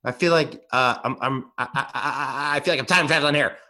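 A man's voice: mid-range voice, a little fast, bright, forceful tone. A man playing a grumpy, dismissive father who scoffs, blusters and stammers when he gets worked up. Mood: scoffing.

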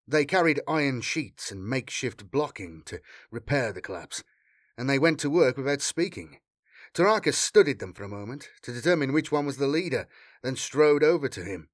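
Give me a man reading an action novel with lively, dramatic narration. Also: mid-range voice, normal speed, no echo, clean studio sound. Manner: dramatic, expressive storytelling. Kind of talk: audiobook narration.

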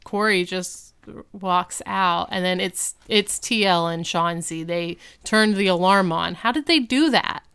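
Bright, crisp-voiced woman podcast host. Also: fairly low pitch, a little slow, few pauses. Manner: chatty storytelling with lots of "like" and fillers. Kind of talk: casual TV-episode recap chat.

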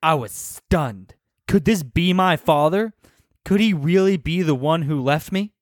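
A man narrating a story aloud on a comedy podcast, animated and laughing, stumbling over names. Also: on the high side, measured pace, no room sound, studio quality.

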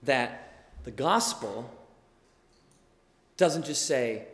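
A man's voice: on the high side, animated, normal speed. A young man preaching a sermon, explaining earnestly and building to emphatic bursts, in a church hall. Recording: echoey hall with long reverb.

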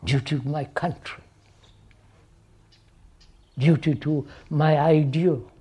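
A man delivers a thoughtful talk to an audience, raising questions, circling back to repeated phrases and often asking "right?" He speaks slowly in a highish, mellow voice with a steady tone and a breathy edge.

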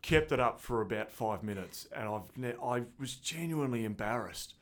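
A man from Tasmania with an Australian accent, telling stories in animated, jokey casual chat. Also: mid-range voice, moderate pace. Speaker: podcast co-host.

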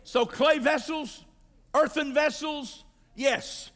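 A male pastor preaching a sermon, building to shouted climaxes and calling for responses from the congregation. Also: very high voice, steady tone, slow pace, in a large hall.

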